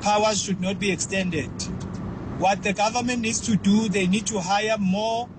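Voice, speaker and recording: A man's voice: high voice, fairly even intonation, normal speed. South African man, voice note over traffic. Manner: earnest, with restarts. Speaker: caller leaving a voice note. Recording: phone voice note with street traffic.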